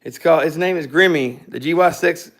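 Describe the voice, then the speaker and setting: A man's voice: on the high side, fairly quick, a bit bright. A man co-hosting a scooter garage live stream, chatting in a loose, joking, rambling way. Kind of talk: casual live-stream chat.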